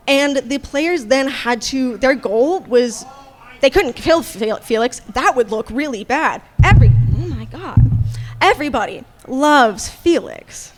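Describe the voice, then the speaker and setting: A woman game master speaking on a convention panel in an animated, casual way, swearing freely. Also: on the high side, measured pace.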